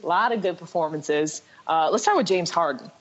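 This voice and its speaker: A woman's voice: on the low side, normal speed, rough recording. A woman hosting a casual morning sports chat, bubbly and laughing often. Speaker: podcast host.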